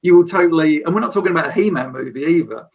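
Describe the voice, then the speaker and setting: A man chats as a podcast guest, enthusiastic and rambling, often restarting his sentences. His husky, slightly high voice sits a little away from the mic. The recording is dull and lo-fi. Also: rapid-fire. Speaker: guest, storyboard artist. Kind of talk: casual podcast chat. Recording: distant, dull lo-fi remote mic.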